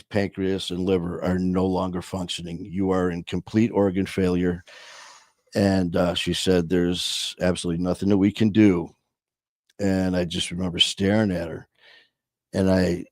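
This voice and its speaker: A man hosting his own show, telling a personal story in a slow, reflective way with many pauses and fillers. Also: low voice, a little mellow, no room sound, studio quality.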